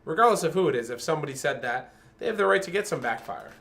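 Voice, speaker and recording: A man's voice: a little high, expressive, fast, a bit bright. A man co-hosting a casual podcast, giving earnest opinions and often restarting his sentences. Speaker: podcast co-host. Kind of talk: casual chat.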